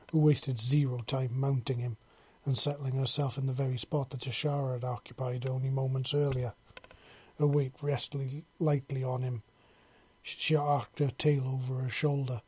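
A man narrating a story in a steady, unhurried reading. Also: mid-range voice, husky.

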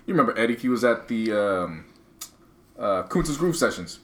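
A man co-hosting a podcast, easygoing, giving shout-outs and dry short remarks. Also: on the low side, very animated, normal speed, slight background noise. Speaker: podcast co-host. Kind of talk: casual podcast chat.

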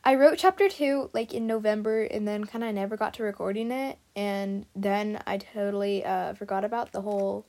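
A woman's voice: mid-range voice, moderate pace, few pauses, warm tone. A woman hosting her podcast, chatting casually and reading her fan fiction aloud, scattered with stumbles. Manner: chatty, scattered, many fillers and restarts.

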